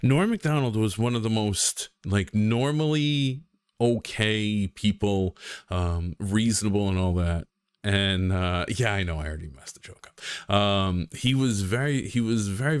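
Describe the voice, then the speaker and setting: A man's voice: lowish voice, moderate pace, clean tone, dry recording, clean studio sound. A young man chatting casually on a game stream, rambling and self-deprecating with lots of ums and restarts.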